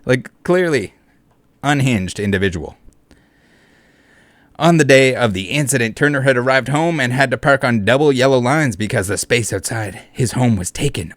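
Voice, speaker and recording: A man's voice: medium pitch, expressive, normal speed, no room sound. Man, sarcastic commentary host, mocking tone, swears a lot, dry close sound. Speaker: YouTube commentator. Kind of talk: casual commentary reading comments and an article.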